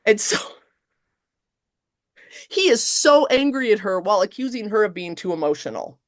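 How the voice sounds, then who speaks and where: A middle-aged woman professor chatting in an interview, lively and expressive, acting out quotes with big jumps in her voice. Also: fairly quick, dry recording, studio quality. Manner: animated, acts out quotes with big pitch jumps. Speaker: guest professor. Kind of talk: casual interview chat.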